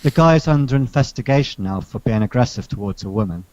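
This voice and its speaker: A man rants through a workplace story with sarcastic, animated energy and the odd swear. His voice sits at a middle pitch, and the recording is dull and lo-fi, with a dry sound and no room echo. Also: fast talker. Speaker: podcast co-host telling a story. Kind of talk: casual chat, venting anecdote.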